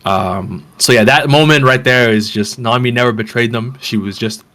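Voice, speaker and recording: A man's voice: medium pitch, normal speed, fairly bright tone. A man co-hosting a podcast, talking casually and rambling with lots of fillers and restarts. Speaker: podcast co-host.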